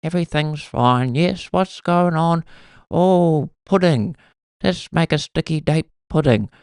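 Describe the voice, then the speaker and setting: A man's voice: on the high side, slow, darkish tone, clean tone, no room sound, clean studio sound, voice pushed up. A man putting on the voice of a fussy, kindly old grandmother, with a quavery old lady's voice. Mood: fussing. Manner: fussy, cooing.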